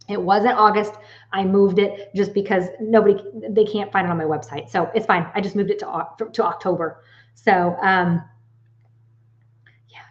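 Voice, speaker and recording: An animated woman in her late forties chats casually with her viewers as a psychic medium. She tells stories loosely and swears freely. The recording sounds dull and lo-fi. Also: medium pitch. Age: late 40s.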